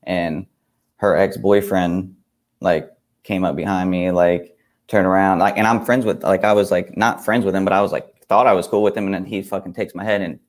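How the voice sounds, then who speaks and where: Low-voiced, easygoing male co-host. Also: steady tone, moderate pace. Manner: easygoing, hesitant, with many fillers. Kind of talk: casual chat.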